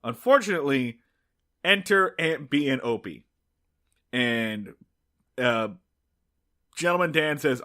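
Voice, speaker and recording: A man's voice: medium pitch, animated, slow, pauses often, bright, forceful tone. A man co-hosting a podcast, chatting casually through a recap with lots of fillers and restarts. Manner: rambling, frequent filler words and restarts. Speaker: podcast co-host. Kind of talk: casual episode recap chat.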